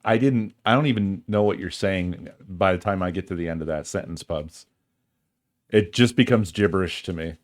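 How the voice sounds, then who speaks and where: A man's voice: deep voice, normal speed. A male streamer in casual chat with his viewers, musing in a dry, wry way and swearing freely.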